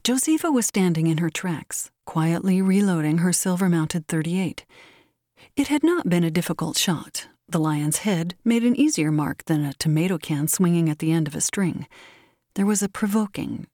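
A woman reads a short story in a measured, expressive style. Her voice sits on the lower side, and the recording is dry, with no room sound. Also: dry recording. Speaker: narrator. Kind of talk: audiobook short story reading.

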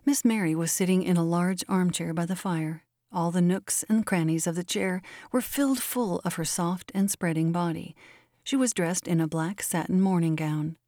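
A woman hosts and reads a classic short story with measured, deliberate phrasing. Her voice sits on the low side, and the recording is very dry and close. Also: warm tone, no room sound. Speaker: host and reader. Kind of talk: scripted narration of a classic story.

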